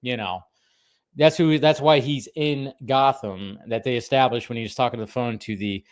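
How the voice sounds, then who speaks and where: A man's voice: mid-range voice, moderate pace. Laughing, rambling man chatting. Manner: rambling, laughs often, restarts sentences. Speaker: podcast co-host. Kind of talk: casual chat reviewing a cartoon episode.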